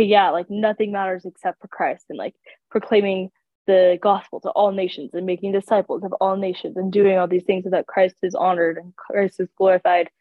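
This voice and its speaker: A young adult woman with a mid-range voice co-hosts a relaxed faith podcast while sounding sick and congested. Her talk rambles, full of fillers, and the dry audio sounds thin, as if over a phone.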